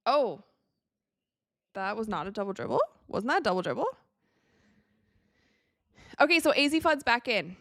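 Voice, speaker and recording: A woman's voice: fairly high pitch, big pitch swings, normal speed, pauses often, fairly bright tone, dry recording, studio quality. A woman hosting a casual live-stream watch party from her home set, chatting, reading out viewer comments and laughing often.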